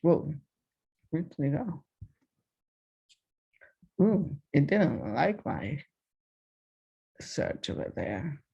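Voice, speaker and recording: A woman's voice: low voice, very animated, extremely slow, creaky, pauses often, husky, highs cut off. A woman with an Argentinian accent teaching a casual programming lesson, thinking aloud with many fillers. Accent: Argentinian Spanish. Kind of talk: casual screen-share coding lesson.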